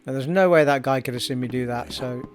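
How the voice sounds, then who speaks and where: A man's voice: medium pitch, quick pace. A man giving casual, joking commentary while he plays a game. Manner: chatty, joking, muttering asides. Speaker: let's play gamer. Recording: game music faint behind.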